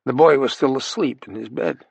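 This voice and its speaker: Here is a calm, matter-of-fact ally, as a male narrator voices him. He explains in a plain, even manner with a husky, gravelly voice, close and dry. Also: mid-range voice, normal speed, no room sound. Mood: steady.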